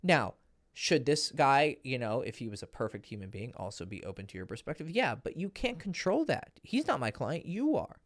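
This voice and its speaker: A man's voice: medium pitch, big pitch swings, moderate pace, dry recording, clean studio sound. Blunt, profane male dating coach. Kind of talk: casual storytelling monologue.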